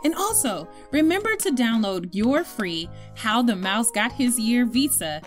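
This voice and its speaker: A woman reads a children's tale aloud with a lively, swooping voice that sits a little high. Her delivery is expressive and animated. Soft music plays faintly underneath. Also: a little slow. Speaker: storyteller reading aloud. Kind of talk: children's story read-aloud.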